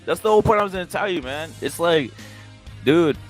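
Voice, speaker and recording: A man's voice: fairly high pitch, lively intonation, fairly quick, soft background music. A man on a heated livestream discussion who keeps cutting in and repeating himself. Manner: interjecting, repetitive, says "bro" constantly. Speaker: livestream co-host.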